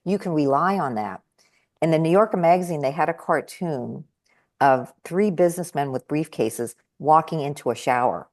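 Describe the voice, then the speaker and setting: Lively, slightly low-voiced woman storyteller. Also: moderate pace. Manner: animated, acts out quoted voices with big jumps in pitch. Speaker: guest speaker and trainer. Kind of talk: conversational storytelling.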